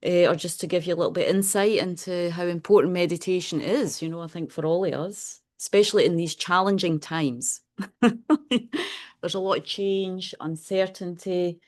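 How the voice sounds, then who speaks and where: A Scottish woman in her fifties, a Buddhist nun, chatting informally and softly as she opens a meditation class. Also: fairly low pitch, normal speed. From Scotland. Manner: chatty, soft-spoken, many "you know"s, light laughs. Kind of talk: casual classroom talk.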